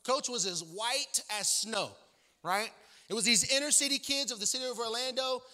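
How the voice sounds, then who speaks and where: A man's voice: extremely high pitch, moderate pace, sharp tone. A man who is a guest pastor, telling a joking story in a sermon with a loose, conversational manner full of fillers. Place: church sanctuary. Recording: long church-hall reverb.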